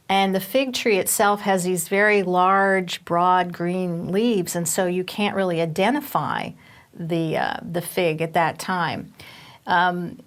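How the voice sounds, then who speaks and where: A woman Bible teacher giving a recorded teaching session, explaining step by step with fillers and restarts. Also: medium pitch.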